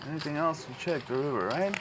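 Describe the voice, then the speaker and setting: A man's voice: on the high side, animated, fast, noisy background. A man at a poker table chatting about a hand and questioning his own play. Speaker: poker player. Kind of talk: table talk.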